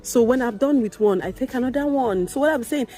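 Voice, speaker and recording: A young woman who works as a midwife speaks candidly to camera in her vlog, talking a little fast in a warm tone with faint music behind her. She is emphatic, repeating her points and phrases, and her pitch rises when she gets indignant.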